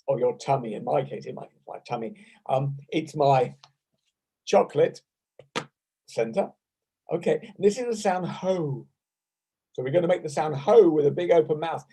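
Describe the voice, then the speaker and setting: A playful English man leads a laughter yoga class over a video call, joking about himself as he teaches. His voice sits fairly high for a man, and he shows each laugh sound out loud to his students. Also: slightly rough. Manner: playful, self-mocking, demonstrating laugh sounds loudly. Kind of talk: online class instruction. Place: home room on a video call.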